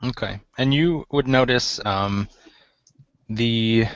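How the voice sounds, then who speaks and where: A man runs a tabletop game in a relaxed, hesitant manner. His voice sits mid-range and the recording is dry and lo-fi. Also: medium pitch, slow, dry recording. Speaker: game master. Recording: dry, dull lo-fi sound.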